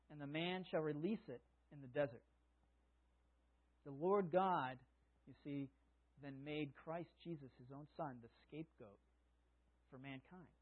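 A man with a high-pitched, husky voice delivers a sermon, reading scripture and then explaining it in easy, conversational asides. The sound is thin and tinny, like a phone call. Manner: conversational preaching, reads scripture aloud, chuckles at own asides. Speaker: preacher.

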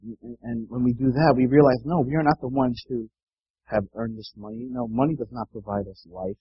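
Man, preacher, sermon, husky, earnest, dull dry lo-fi recording. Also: medium pitch, steady tone, a little fast, no room sound. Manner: earnest, repeats words, asks "right?".

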